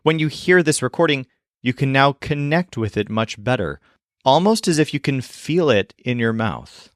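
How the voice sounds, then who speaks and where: A man teaching in a language lesson video, explaining clearly and modeling sounds slowly. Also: medium pitch, big pitch swings, no room sound, clean studio sound. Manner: clear, demonstrative, slows to model pronunciation.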